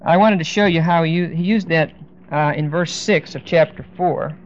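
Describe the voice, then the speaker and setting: A man teaching a verse-by-verse Bible lesson, speaking deliberately and with emphasis, stopping now and then to look up verses. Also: a little high, a little hiss or hum. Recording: dull lo-fi recording.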